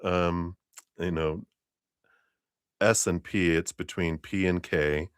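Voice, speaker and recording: Guy doing a live tarot reading, low voice, dry close sound, loose rambly storytelling w/ laughs. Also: fairly even intonation, slow, smooth, no echo. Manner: rambling, hesitant storytelling with many fillers and laughs. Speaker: tarot reader.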